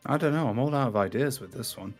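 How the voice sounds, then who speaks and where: A young man in a casual, joking manner plays a tabletop game. Soft music sits in the background. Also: mid-range voice, fast. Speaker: player.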